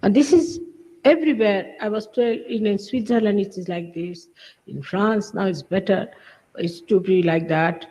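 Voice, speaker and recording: A woman's voice: medium pitch, normal speed, mellow. A woman giving a recorded spiritual lecture, emphatic and scolding, firing off rhetorical questions. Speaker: spiritual teacher. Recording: archival lecture with hall reverb, dull sound.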